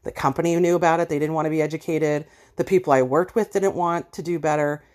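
A podcast host delivers a personal monologue episode, blunt and passionate, appealing straight to her listeners. Her voice is low and a little mellow, fast with fairly even intonation.

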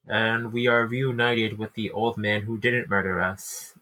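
Guy with a low bright husky voice, dry jokes, chatting about a book. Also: steady tone, measured pace, poor audio. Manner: dry, wry asides and laughs. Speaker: book podcast co-host. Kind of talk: casual chat recapping a book.

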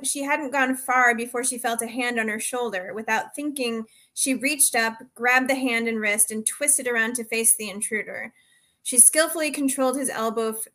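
Bright-voiced woman reading a story aloud. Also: fairly high pitch. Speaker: reader. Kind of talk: reading a romance novel excerpt aloud.

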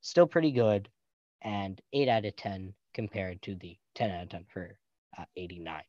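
A man's voice: low-pitched, normal speed, warm tone, dry recording, highs cut off. A young man hosting a podcast, chatting loosely about films in a jokey, rambling way and laughing often. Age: young adult. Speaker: podcast host. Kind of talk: casual film review chat.

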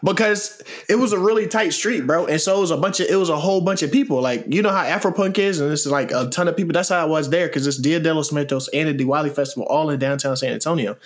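A man's voice: a little high, fast talker, few pauses. A man in his thirties telling a story animatedly in casual chat, cursing freely as he recounts it.

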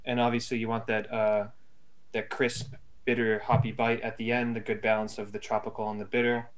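A man co-hosting a casual chat show, reviewing a beer in a relaxed, rambling way with plenty of fillers and restarts. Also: fairly low pitch, fairly quick, noisy background. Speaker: podcast co-host.

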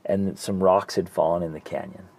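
A middle-aged man, co-host of a parenting talk show, telling a personal story in a casual, animated way, acting out his own past thoughts. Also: low-pitched, moderate pace. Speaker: podcast co-host.

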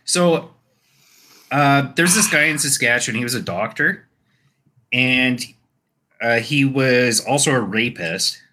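A young man co-hosting a casual podcast, his voice bright and forward. He rambles through stories in loose, unpolished chat and breaks into laughter often. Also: mid-range voice, slow pace, pauses often. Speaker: podcast co-host.

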